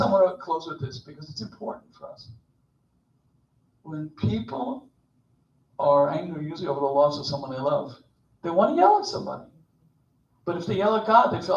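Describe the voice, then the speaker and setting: Animated older man telling a story in a roomy hall. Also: a little high. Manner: storytelling, jokey, animated, acts out voices. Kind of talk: informal sermon. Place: synagogue sanctuary. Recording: roomy, distant, dull recording.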